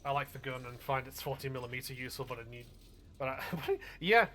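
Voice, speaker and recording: A man casually chatting while streaming a game, excitable, rambling and swearing freely. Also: medium pitch, a little fast. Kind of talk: casual gaming stream chat.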